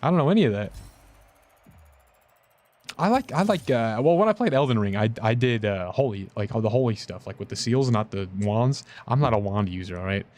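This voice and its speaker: A young man streaming a game, chatting casually with viewers in a rambling, self-mocking way, his pitch jumping up and down. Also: expressive, fairly quick, a little mellow. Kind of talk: casual gameplay commentary.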